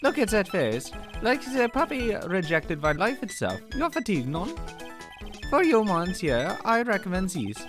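Man putting on a flamboyant French restaurateur, mock French accent, high lilting voice, game music behind. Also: huge pitch swings, moderate pace. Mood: flamboyant gushing. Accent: put-on mock French. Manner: theatrical, gushing, sing-song.

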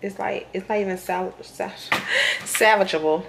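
A woman's voice: medium pitch, animated, normal speed, vocal fry, slight background noise. A woman chatting casually to her viewers from her kitchen at home, colloquial and talkative, often calling them "y'all". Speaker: vlogger. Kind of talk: casual chat to camera.

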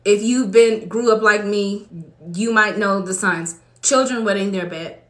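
A woman's voice: medium pitch, measured pace, fairly bright tone. A woman preacher from Los Angeles giving a fervent, conversational testimony sermon to her congregation in a church. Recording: echoey room.

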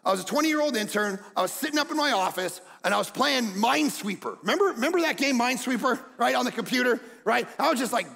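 A man's voice: very high-pitched, fast talker, gravelly, few pauses. A middle-aged male pastor preaching a sermon, telling stories and acting out the people in them, building to emphatic peaks. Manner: animated, acts out quotes, builds to emphatic peaks. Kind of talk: sermon with storytelling. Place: church stage.

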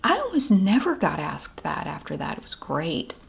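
A woman's voice: low voice, wildly swooping pitch, moderate pace, creaky. A middle-aged woman telling a wry, exasperated story about an old job in a casual, chatty way. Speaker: vlogger.

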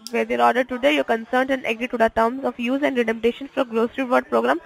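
A woman on a phone call reading a scripted offer, fast and repetitive, insisting the caller agree. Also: fairly high pitch, flat delivery, gravelly. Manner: reads a script fast, repeats lines insistently. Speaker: phone scammer. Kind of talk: scripted phone sales pitch.

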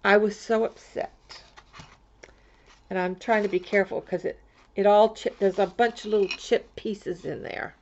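A woman's voice: medium pitch, steady tone, normal speed, darkish tone. A woman from Florida chatting in a rambling way on her crafting vlog, with many restarts. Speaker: crafting vlogger. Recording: dull lo-fi home recording.

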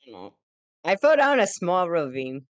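A woman's voice: fairly low pitch, lively intonation, normal speed, no room sound. A woman in casual gaming chat, making jokes and laughing easily with friends.

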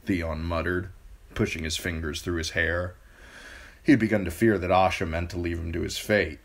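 A man reading a fantasy novel aloud as an amateur audiobook narrator, in a slow, deliberate way. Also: deep voice, flat delivery. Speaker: audiobook reader.

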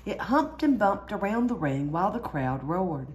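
A woman reading a children's storybook aloud in a lively way, jumping higher for the characters' cries. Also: normal speed, dull audio, slight background noise. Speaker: storyteller reading a picture book.

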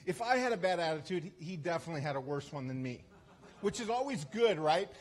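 Guy preaching as a guest, kinda high husky voice, rambly and self-deprecating with lots of restarts. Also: animated, brisk. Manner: chatty, self-deprecating, with frequent restarts and asides. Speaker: guest speaker. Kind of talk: storytelling sermon. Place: church service.

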